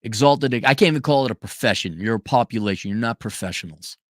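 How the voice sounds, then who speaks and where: A man's voice: medium pitch, fast talker, no echo, studio quality. A man hosting a casual livestream who reads out viewer donations and answers them in a blunt, sarcastic and profane way. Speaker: show host reading viewer donations.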